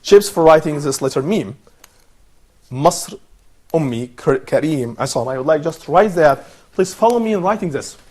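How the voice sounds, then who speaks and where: A man's voice: fairly high pitch, lively intonation, moderate pace, a little mellow. A man teaching an online Arabic lesson, patient and encouraging, repeating words and praising his students.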